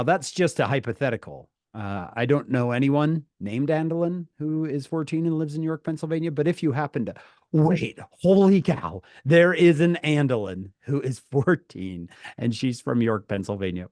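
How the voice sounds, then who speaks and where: A man with a mid-range, slightly mellow voice speaks at normal speed with few pauses, recorded in clean studio sound with no echo. Hosting a youth group on a video call, he greets each person playfully and teasingly in casual chat.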